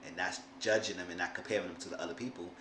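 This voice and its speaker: Man, low voice, loose rambling recap, roomy room, faint hiss. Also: steady tone, very fast, pushed and bright. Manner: rambling, with frequent restarts. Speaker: show recap vlogger. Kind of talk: casual episode recap.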